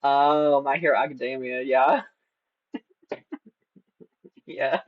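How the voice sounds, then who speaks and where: A man's voice: medium pitch, fairly even intonation, extremely slow, dry recording. A man chatting on a live stream, playful and teasing, prone to giggles. His voice sits in a middle range, and the recording has a slightly dull, lo-fi quality. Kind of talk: casual live-stream chat.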